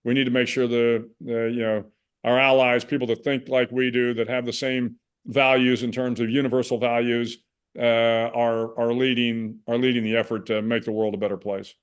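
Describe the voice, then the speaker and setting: A man in his sixties from the United States, a guest in a conversational interview, speaking in a measured, reflective way with frequent restarts. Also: medium pitch, little pitch movement, clear, resonant tone. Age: 60s.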